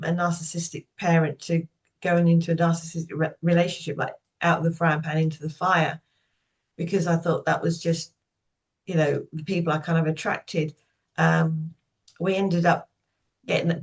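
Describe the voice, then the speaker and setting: A woman in her fifties, a podcast guest, candidly recounting painful childhood memories in a steady, personal storytelling manner. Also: lowish voice. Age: 50s.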